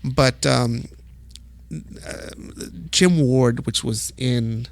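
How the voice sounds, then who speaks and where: A middle-aged man from El Paso, a music photographer, telling stories as a podcast guest in a casual, profane, animated way. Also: medium pitch, drawn-out words, creaky, no room sound. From El Paso, Texas. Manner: profane, animated storytelling with acted quotes. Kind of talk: casual storytelling.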